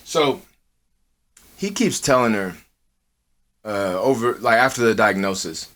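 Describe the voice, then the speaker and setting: A man co-hosting a podcast, telling a story in casual, profanity-heavy talk, acting out quotes in a high voice. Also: unhurried, pauses often. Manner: swears a lot, animated, acts out quotes in a high voice. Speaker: podcast co-host. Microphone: earphones with mic.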